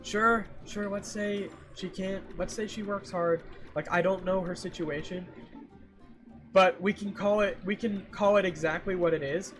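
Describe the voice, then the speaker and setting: A man streaming and chatting casually with viewers, ranting in an animated, exasperated way and repeating himself for emphasis. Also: high-pitched, measured pace, over music. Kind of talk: casual livestream chat with viewers.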